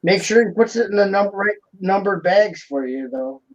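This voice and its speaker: A man's voice: high voice, expressive, normal speed, lo-fi sound. A man hosting a live building stream, chatting casually and jokingly while reading out viewer comments.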